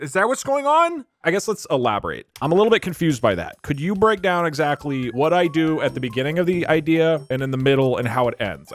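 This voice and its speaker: A man in his thirties hosting a live stream, excitable and mock-incredulous, laughing often. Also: on the high side. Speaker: streamer host. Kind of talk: casual live-stream chat.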